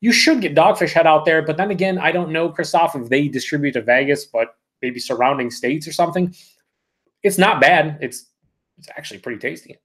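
A man's voice: on the high side, fairly quick, fairly bright tone. A man hosting a live beer review, talking casually and reading out viewer comments, rambling and correcting himself.

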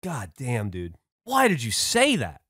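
A man's voice: medium pitch, unhurried, husky, no echo, studio quality. A man co-hosting a podcast, telling stories in casual chat and swearing freely. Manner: animated, swearing storyteller. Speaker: podcast co-host.

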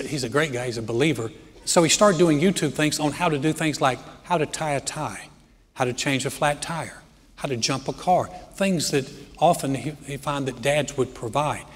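A middle-aged man preaching a sermon as pastor, telling family stories and growing animated as he jokes. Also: a little high, husky. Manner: storytelling, animated when joking. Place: church hall. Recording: church hall with long reverb.

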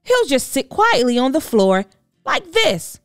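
A woman voicing a confident, cheerful young boy with a bright, upbeat manner in a children's storybook. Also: sits high, huge pitch swings, measured pace, no echo, studio quality, faint music behind, pitched above the performer's own voice, full character voice. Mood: proud.

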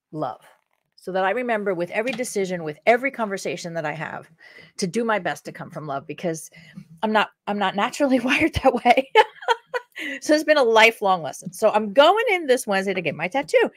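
A woman's voice: medium pitch, no echo, clean studio sound. An older woman, a career coach, telling a candid story casually on a live stream, with the odd swear word. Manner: animated and candid, with swear words. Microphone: webcam on a live stream.

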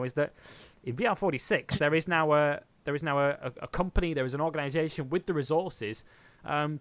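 A man talks racing with his co-hosts in a quick, teasing patter. His voice sits a little high for a man, and the sound is dry and close with no room around it. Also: fairly bright tone, no echo. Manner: fast, chatty, teasing. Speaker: podcast co-host. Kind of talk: casual motorsport chat.

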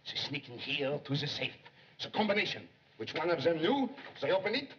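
An actor playing an excitable young male police secretary who longs to be a detective, in 1930s film acting, jumpy and pleading. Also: a little high, brisk, a little hiss or hum. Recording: dull 1930s film soundtrack.

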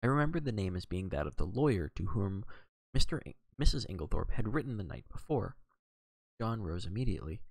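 A man reading a classic mystery aloud as a first-person audiobook narration, in a steady, plain storytelling manner. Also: fairly low pitch, a little fast, gravelly, no echo. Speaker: audiobook reader.

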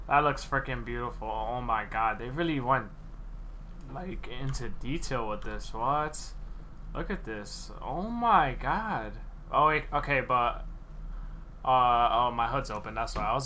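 A young man streaming gameplay, chatting casually and excitedly with slang and frequent laughs. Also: mid-range voice, a little slow, slight background noise.

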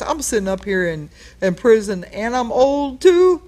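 A woman's voice: fairly high pitch, big pitch swings, measured pace, few pauses, warm tone. A woman pastor leading a Bible study in a casual, conversational teaching style, explaining word meanings and acting out the quotes she reads. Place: studio.

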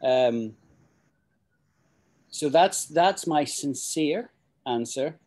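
Chatty Scottish man with a mellow voice. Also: on the high side, lively intonation, very slow. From Scotland. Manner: chatty and rambling, with frequent restarts and "you know". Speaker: English teacher. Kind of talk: casual spoken English lesson.

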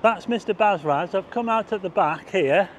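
A man's voice: sits high, moderate pace, slight background noise. A man giving a chatty, rambling walking-tour commentary outdoors at night, pointing things out to his viewers. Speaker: vlogger. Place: outdoors, car park roof and town streets at night.

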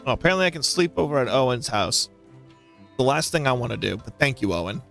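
A man doing a gaming let's play, chattering to himself with jokey, excitable commentary. His voice sits at a middling pitch, with faint music running underneath. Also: quick pace, vocal fry. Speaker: gaming channel host.

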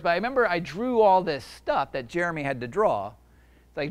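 At a public library event, a man who writes and illustrates picture books chats casually with the audience and reads his own book aloud, often breaking off to ad-lib. His medium-pitched voice is animated and quick.

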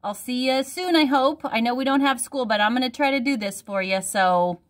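A woman, a teacher, reading a picture book aloud at home for her class in a gentle storytelling manner. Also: sits high, normal speed.

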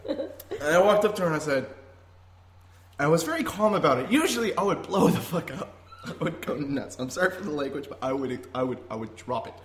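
A man's voice: on the high side, very animated, brisk, a little hiss or hum. Rambling, laughing man telling a story. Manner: rambling, laughs often, swears casually. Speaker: podcast host. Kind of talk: casual storytelling. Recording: roomy echo.

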